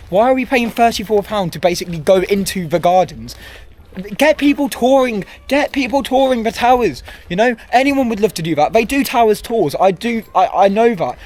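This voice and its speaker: A young man vlogs outdoors at a theme park on a handheld camera, giving walking commentary. His voice sits high and a little mellow, and he rants and rambles, often correcting himself.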